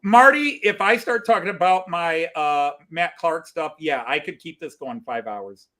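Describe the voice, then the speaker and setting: A man hosting a casual group chat, talking in a rambling, animated way with many restarts. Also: fairly high pitch, a little slow. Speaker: host.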